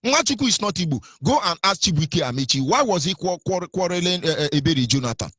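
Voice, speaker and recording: A man's voice: sits high, expressive, fast, fairly bright tone, breathy edge, no room sound. A man with a Nigerian accent giving impassioned radio commentary, scolding his listeners with repeated rhetorical questions and stumbling over fillers.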